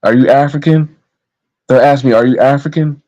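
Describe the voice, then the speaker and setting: A man's voice: medium pitch, steady tone, moderate pace, warm tone, lo-fi sound. Man, young adult, from the United States, heated profane rant, repetitive, casual vlog. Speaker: vlogger.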